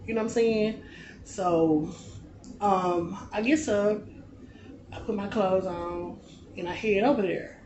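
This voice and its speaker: A man in his late twenties telling a personal story to his vlog audience in a relaxed, conversational way, often dropping into a soft, low-key delivery. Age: late 20s. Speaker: vlogger. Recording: echoey room with loud background noise.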